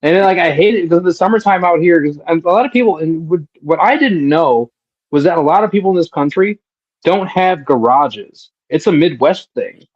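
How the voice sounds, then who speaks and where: A man's voice: fairly high pitch, lively intonation, a little mellow, muffled recording. A man hosting a podcast, talking in casual, profane slang. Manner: profane, slangy, drawn-out telling. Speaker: podcast host. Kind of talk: casual chat.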